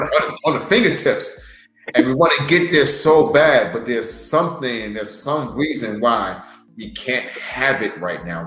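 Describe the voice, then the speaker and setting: This man co-hosts a podcast and wrestles, and here he earnestly offers a piece of advice in a casual motivational talk, stumbling, restarting and repeating himself. His mid-range voice is slightly bright, and the audio is poor with a roomy sound.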